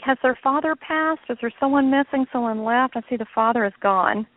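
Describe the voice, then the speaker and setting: A woman's voice: a little high, a little fast, dry recording. Rambling woman medium on a phone line. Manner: rambling, searching, many fillers and restarts. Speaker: psychic medium guest. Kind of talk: casual radio call-in reading.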